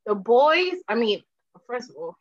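Woman in her 30s from Boston, guest chatting, lively tale-teller, slightly hoarse, a bit high, muffled lo-fi recording. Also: measured pace. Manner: animated storyteller, laughs often. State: slightly hoarse, clearing throat. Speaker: podcast guest. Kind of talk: casual chat.

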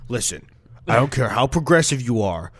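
A man's voice: medium pitch, expressive, moderate pace, breathy edge, no room sound. A young man co-hosting a casual podcast chat, playful and profane, laughing often. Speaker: podcast co-host.

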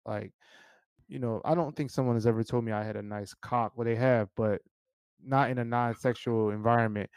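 A man's voice: medium pitch, fairly even intonation, moderate pace, darkish tone, clear, resonant tone, dry recording, rough recording. A man hosting a casual interview, asking frank, rambling questions with frequent restarts and laughs. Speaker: podcast host.

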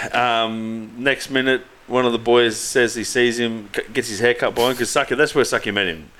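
A man's voice: medium pitch, steady tone, normal speed, a bit bright. A man co-hosting a rugby podcast, telling a rambling, sweary story and laughing often. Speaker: podcast co-host. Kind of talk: casual storytelling chat.

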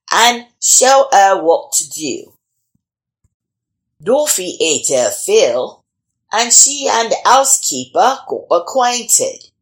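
Expressive woman reading a storybook aloud. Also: mid-range voice. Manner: expressive, animated.

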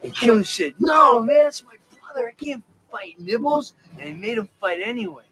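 An actor playing an adult man who tells a wild story with shouts and big swoops of the voice, in a film clip with music behind him. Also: sits high, lively intonation, quick pace. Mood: excited storytelling.

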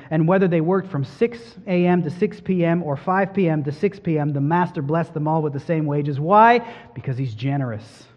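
A man preaching a sermon, building to emphatic peaks and dropping to quiet, soft lines. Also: on the high side. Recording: dull sound with long hall reverb.

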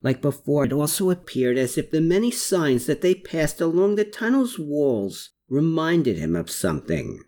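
Expressive audiobook narrator, lively pitch. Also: moderate pace, few pauses. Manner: expressive storytelling. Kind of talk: scripted narration.

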